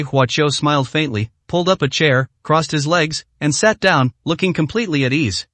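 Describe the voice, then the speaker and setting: A man narrating a story in an audiobook with expressive delivery. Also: fairly high pitch, moderate pace, hardly any pauses, no room sound. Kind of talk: scripted narration.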